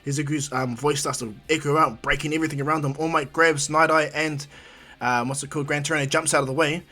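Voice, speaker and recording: A man's voice: a little high, steady tone, fast, pushed and bright. A man improvising a fan fiction story in a rambling, conversational way.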